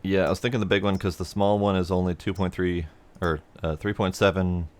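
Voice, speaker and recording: Low-voiced man chatting over farm game. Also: fairly quick. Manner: relaxed, chatty, laughs often. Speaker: gaming streamer. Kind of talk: casual gameplay chat. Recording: loud game vehicle noise behind.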